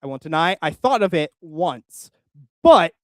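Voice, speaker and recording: A man's voice: on the high side, very animated, a little slow, no echo. A man hosting his channel in casual chat, rambling and joking with frequent laughs. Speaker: channel host.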